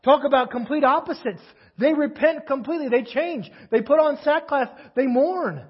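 A man's voice: very high voice, normal speed, dull audio. A man preaching a sermon in a conversational way, asking his listeners rhetorical questions. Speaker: pastor.

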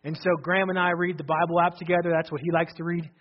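A male pastor preaching a sermon, swinging from loud shouted declarations to low, hushed emphasis and repeating phrases. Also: flat delivery, fast talker, dull audio. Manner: repeats phrases, restarts often.

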